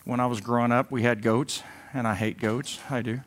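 A pastor preaching a sermon in a conversational way, moving between loud emphatic bursts and quiet asides, now and then mimicking whiny voices for a laugh. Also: male voice, medium pitch, steady tone, normal speed. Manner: mimics whining voices in a comic way.

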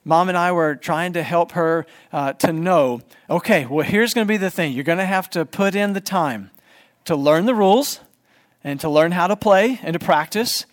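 A man's voice: high-pitched, normal speed. A man in his forties, a pastor, giving a conversational sermon in church and putting questions to the congregation.

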